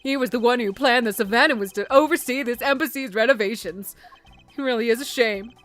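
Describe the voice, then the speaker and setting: Lady reading out a stately formal ambassador guy in a game, bright voice, kinda high. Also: fairly quick, faint music behind, natural voice. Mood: mournful. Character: formal middle-aged male ambassador, proud of his small nation.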